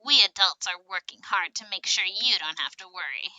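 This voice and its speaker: A woman doing a kind older sibling bird in a visual novel, soothing and earnest, lively up and down. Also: mid-range voice, moderate pace, dry recording, low-quality recording. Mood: reassuring. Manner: gentle and reassuring.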